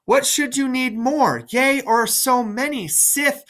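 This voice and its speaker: A man's voice: very high-pitched, takes it slowly, a bit bright, voice pushed up, full character voice. A man reading the part of a cold, defiant young princess, delivering verse in a clipped, dismissive way.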